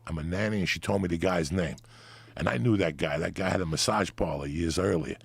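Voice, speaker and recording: A man's voice: sits low, brisk, vocal fry, breathy edge, no echo. A man, telling a crude, rambling story as a podcast guest. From New Jersey. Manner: crude, rambling anecdotes with vivid asides. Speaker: guest comedian. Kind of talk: profane storytelling.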